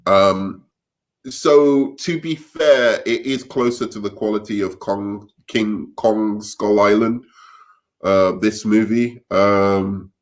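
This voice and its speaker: A man with a somewhat low voice joins a casual live stream as guest co-host. He talks hesitantly, with fillers and frequent stumbles and restarts as he makes his point. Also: takes it slowly.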